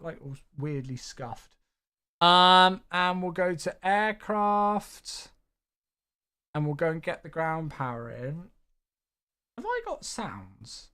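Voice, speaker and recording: Animated man streaming a flight sim. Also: on the high side. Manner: chatty, greets viewers cheerfully by name.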